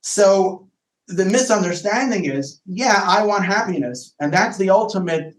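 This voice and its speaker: A male rabbi explains ideas on a podcast in a thoughtful, conversational way. He often stumbles and repeats words while reaching for the next thought. His voice sits a touch high and rings around an echoey room. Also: animated, unhurried.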